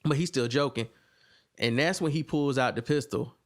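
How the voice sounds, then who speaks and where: Guy on a podcast, retelling a tv episode, mid voice, gets loud and high doing the character lines. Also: moderate pace. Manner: animated retelling, acts out characters' lines in a raised voice. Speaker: podcast co-host reviewing a TV episode. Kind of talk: casual chat, recapping scenes.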